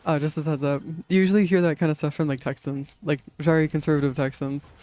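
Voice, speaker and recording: A man's voice: a little high, fairly even intonation, fast, warm tone. A young man streaming a game in casual chat, rambling with many fillers, swearing and laughing often.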